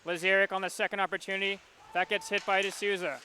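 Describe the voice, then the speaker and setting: Bright, high-pitched hockey play-by-play man. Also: flat delivery, slight background noise. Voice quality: quick, rhythmic calling of the action. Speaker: play-by-play announcer. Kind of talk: live hockey play-by-play commentary.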